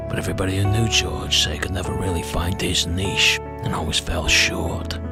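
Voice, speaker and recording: A man narrating a crude mock documentary in a deadpan way. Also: low voice. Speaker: host. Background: loud music.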